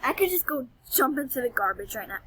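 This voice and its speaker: High-voiced, dramatic gaming woman. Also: big pitch swings, fast talker, a bit bright, breathy edge, poor audio. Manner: dramatic, squeals and whines over items. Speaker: gaming vlogger. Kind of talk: excitable gameplay commentary.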